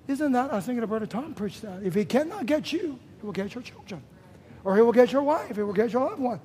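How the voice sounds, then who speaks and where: A man preaching a sermon, emphatic and repeating phrases for stress, with sudden loud bursts. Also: extremely high pitch, lively intonation, brisk, breathy edge.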